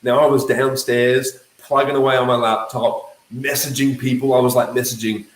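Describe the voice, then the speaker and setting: A man with an Australian accent telling a lively motivational story about network marketing, acting out the voices he quotes. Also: medium pitch, normal speed, reverberant, low-quality recording. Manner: energetic, acts out quoted voices.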